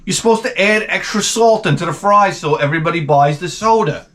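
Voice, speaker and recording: Profane rambling man, slightly high voice. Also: a little fast, fairly bright tone, a little hiss or hum. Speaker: channel host. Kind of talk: comedic rant.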